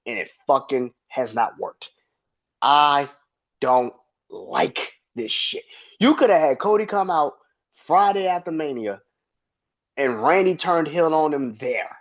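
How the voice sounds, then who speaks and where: This is a solo podcast rant from the show's host, a man whose delivery is heated, profane and emphatic. He speaks slowly in a slightly high, sing-song voice, captured with muffled lo-fi sound.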